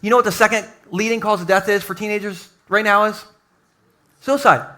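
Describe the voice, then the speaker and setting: A male pastor preaching a sermon at a live church service, lively and joking, acting out quotes. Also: high voice, quick pace.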